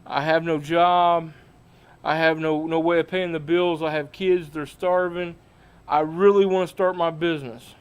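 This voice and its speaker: A desperate father out of work, voiced by a man, pleading for money in a clear, slightly high voice. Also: steady tone, measured pace, close to an everyday voice.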